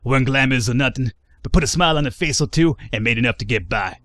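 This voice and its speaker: A man voicing a tough, gruff male survivor who used to be a caregiver, drawling in a put-on tough-guy voice. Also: mid-range voice, fast talker, a bit bright, no echo, close to an everyday voice.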